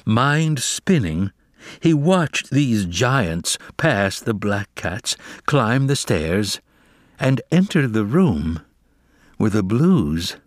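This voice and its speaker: A man reading a children's novel aloud as narrator, with expressive, dramatic storytelling. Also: mid-range voice, no echo, clean studio sound.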